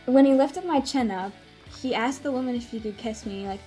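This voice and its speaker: A woman's voice: on the high side, brisk, mellow, faint music behind. A young woman telling a story in a casual vlog, gushing and using many "like"s. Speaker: vlogger.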